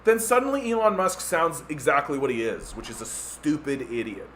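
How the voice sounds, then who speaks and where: On the high side and expressive, this Canadian podcast host's voice moves at a moderate pace over a little hiss or hum. His casual rant is sarcastic, full of mocking impressions and plenty of "like" fillers.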